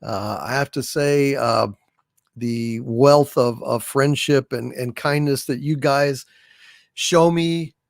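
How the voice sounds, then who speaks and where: A man hosting a livestream, reading out viewer messages in a halting, sincere way with many pauses and repeats. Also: mid-range voice, vocal fry, dry recording, studio quality. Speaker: livestream host reading super chats. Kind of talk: casual livestream chat.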